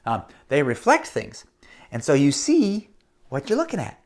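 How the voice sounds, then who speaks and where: A woman's voice: low-pitched, measured pace. A woman telling a children's story at home to camera, speaking to the kids directly and acting out the action. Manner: lively, addresses kids directly, acts out the action. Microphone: camera mic.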